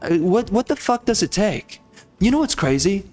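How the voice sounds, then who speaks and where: Furious man ranting, fairly high voice. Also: sing-song, normal speed, darkish tone, faint music behind. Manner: profane, heated, repetitive. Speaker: gaming YouTuber. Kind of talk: angry rant to camera.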